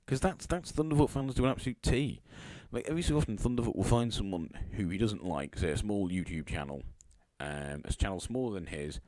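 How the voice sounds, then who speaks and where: A man's voice: lowish voice, lively intonation, a little fast, few pauses, dark tone, no echo. A man commenting on tweets he reads aloud, sarcastic and scornful, mocking their writers with fake sympathy. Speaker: YouTube commentator.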